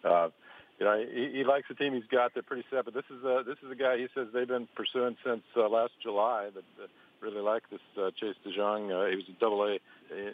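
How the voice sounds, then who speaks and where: Low male phone guest, halting and filler-heavy, tinny line. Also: fairly even intonation. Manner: halting, many restarts and fillers. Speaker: baseball reporter. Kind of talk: phone interview.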